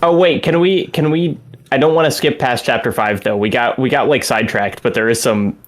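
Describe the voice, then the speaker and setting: A man co-hosting a casual game discussion podcast, rambling and animated, often slipping into character quotes. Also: medium pitch, brisk. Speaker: podcast co-host.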